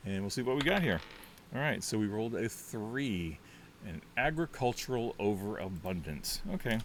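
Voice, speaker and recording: Low-voiced man rambling through a solo game. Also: a little hiss or hum. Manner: rambling, chatty, thinks out loud with many fillers. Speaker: solo tabletop game player. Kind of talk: casual thinking-aloud game walkthrough.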